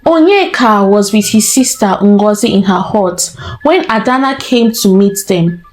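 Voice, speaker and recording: A woman storyteller narrating a folktale in a slow, deliberate way. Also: medium pitch, lively intonation, rough recording.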